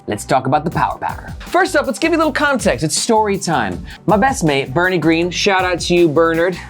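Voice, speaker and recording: Animated, jokey man reviewing gear. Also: high-pitched, a little fast, soft background music. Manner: jokey, animated, swears casually. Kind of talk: casual product review vlog.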